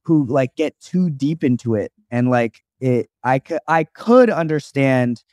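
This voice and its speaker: A man's voice: medium pitch, lively intonation, measured pace, a little mellow, no room sound. A young man co-hosting a podcast in a casual chat, rambling and restarting his sentences with many "like"s. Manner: rambling, restarts often, says "like" a lot. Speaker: podcast co-host, actor.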